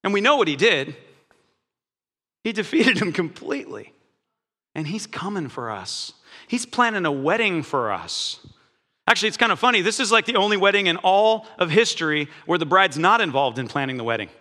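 A male pastor preaches in a high, bright voice with a lively, conversational manner. His words ring out through a church sanctuary with a long reverb. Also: moderate pace. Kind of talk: sermon.

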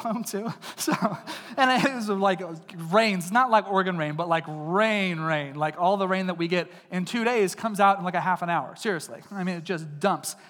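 A man's voice: high voice, fairly bright tone. A man from East Texas preaching a casual, joking sermon built around personal stories, talking directly to the crowd. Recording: long reverb of a large hall.

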